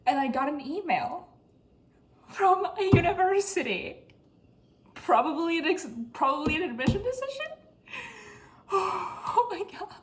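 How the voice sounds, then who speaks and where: A woman's voice: extremely high pitch, very animated, unhurried, pauses often, a little hiss or hum. A woman in her twenties talking casually to camera at her desk at home, ranting sarcastically about her frustrations, with sudden squeals. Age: 20s. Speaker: vlogger. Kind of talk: casual vlog chat.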